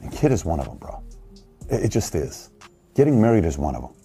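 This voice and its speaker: A man's voice: deep voice, big pitch swings, fairly quick, dark tone, breathy edge, soft background music. A man in his forties hosting an opinionated commentary, talking emphatically and firing rhetorical questions at the listener. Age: 40s. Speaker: show host.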